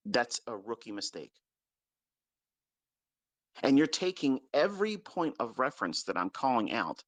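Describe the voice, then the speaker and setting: A trading mentor delivers an unscripted, heavily profane rant to his followers, scolding them bluntly and repeating points for emphasis. His medium-pitched voice is very animated yet unhurried, with frequent pauses, and the recording is dry.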